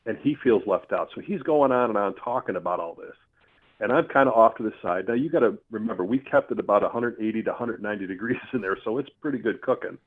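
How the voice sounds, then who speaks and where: Man, lowish voice, earthy and animated storyteller, heard over a tinny phone line. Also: fast talker. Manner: earthy, animated, with mild swearing. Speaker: storyteller guest. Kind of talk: casual spoken storytelling.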